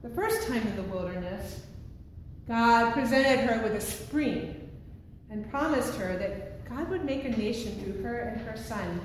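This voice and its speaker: In a church sanctuary, a woman with a slightly high voice and lively intonation preaches a sermon from the pulpit, unhurried, earnest, and emphatic. The recording is echoey and distant, with a little hiss or hum.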